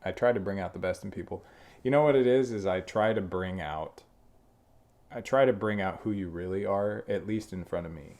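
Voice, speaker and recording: A man's voice: sits low, normal speed, darkish tone. A man co-hosting a podcast in crude, rambling casual chat. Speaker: podcast co-host.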